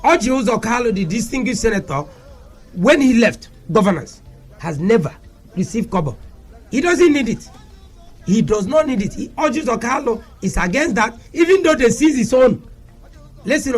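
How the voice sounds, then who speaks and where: A man with a Nigerian Igbo accent, a guest on a radio talk show, speaking passionately and switching languages. He repeats his points and rises to shouts. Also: extremely high pitch, animated, normal speed, soft background music. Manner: fiery, repeating lines and rising to shouts. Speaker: media aide to a senator, studio guest. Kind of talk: impassioned radio talk, mixing English, Pidgin and Igbo. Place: radio studio.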